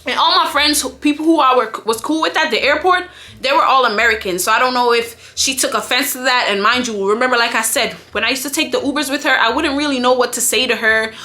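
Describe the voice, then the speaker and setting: High, bright-voiced woman telling a story. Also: fast talker. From Jamaica. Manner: candid, chatty, profane. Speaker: vlogger. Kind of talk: casual story time.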